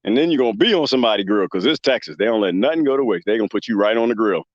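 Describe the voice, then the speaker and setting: A man's voice: on the low side, lively intonation, very fast, no room sound. Man doing a big tough cow, swaggering threats, dull lo-fi sound. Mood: menacing. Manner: swaggering, taunting.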